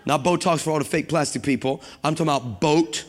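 A man preaching a sermon to a congregation, lively and humorous, building up to shouting passages. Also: a little high, fast. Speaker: guest preacher. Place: church sanctuary with congregation. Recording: long hall reverb.

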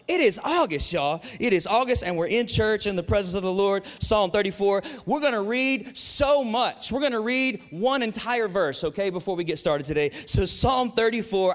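Male pastor, high voice, energetic call-and-response sermon, live church hall reverb. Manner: energetic, call-and-response preaching with southern slang. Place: church sanctuary.

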